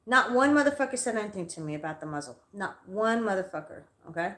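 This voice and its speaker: A woman's voice: mid-range voice, animated, fast, a bit bright. A woman hosting a live stream and telling an angry story in a heated, profane rant. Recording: echoey room.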